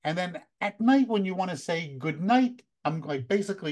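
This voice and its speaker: A man's voice: fairly high pitch, moderate pace. Man, 50s, American, workshop leader, casual, conversational, filler-heavy. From United States. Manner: relaxed and conversational, with many uh fillers. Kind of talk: casual talk, practical travel tips.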